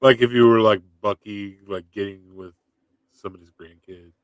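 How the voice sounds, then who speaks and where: A man's voice: lowish voice, fairly even intonation, normal speed, smooth, no echo. A man co-hosting a podcast, chiming in with teasing remarks. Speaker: podcast co-host. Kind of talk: casual show review chat.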